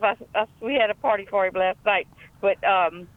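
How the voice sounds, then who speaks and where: A woman's voice: mid-range voice, fairly even intonation, normal speed, no echo. A woman with a Louisiana accent, calling in to a talk show and telling a family story in a chatty, rambling way. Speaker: caller. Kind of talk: call-in phone chat. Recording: tinny phone line.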